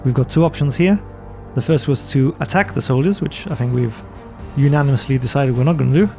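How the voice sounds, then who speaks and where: A man's voice: medium pitch, a little fast, creaky, mellow, faint music behind. Man narrating a gamebook play-through. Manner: storytelling, light laughs between sections. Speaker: podcast co-host and narrator.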